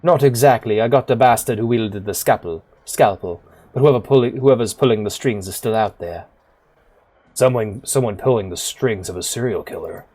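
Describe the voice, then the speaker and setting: A man's voice: on the low side, moderate pace, a little mellow, natural voice. A man reading the lines of a hardened woman shadowrunner in a blunt, clipped way, close to his own voice. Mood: terse.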